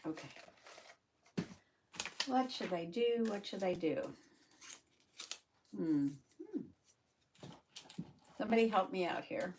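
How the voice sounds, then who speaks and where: A woman's voice: mid-range voice, expressive, slow, pauses often, a little mellow, a little hiss or hum. Chatty woman crafting live. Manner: chatty, laughs often, talks to viewers by name. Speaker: journaling channel host. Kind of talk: casual live crafting chat.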